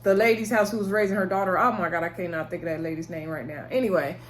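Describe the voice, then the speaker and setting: A woman recapping a TV episode for her viewers in a chatty, casual way, laughing often and breaking into high-pitched exclamations. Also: fairly even intonation, quick pace, slight background noise. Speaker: TV episode reviewer. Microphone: talking to camera.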